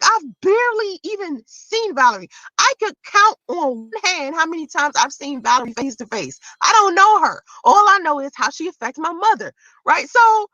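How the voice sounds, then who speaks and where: A woman's voice: sits high, pushed and bright, no echo, poor audio. A woman vlogger telling a story in a casual, profane rant, voice jumping into shrieks of disbelief.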